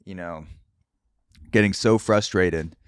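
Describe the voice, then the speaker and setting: A male podcast host giving an animated solo monologue and casually swearing as he acts out quoted voices. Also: sits low, slow, clear, resonant tone, dry recording, clean studio sound. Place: Brooklyn, New York.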